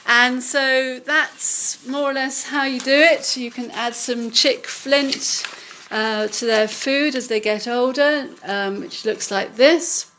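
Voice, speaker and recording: A woman giving a casual home tutorial, explaining gently with many hesitant ums. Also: high-pitched, fairly even intonation, slow, slight background noise. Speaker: home demonstrator.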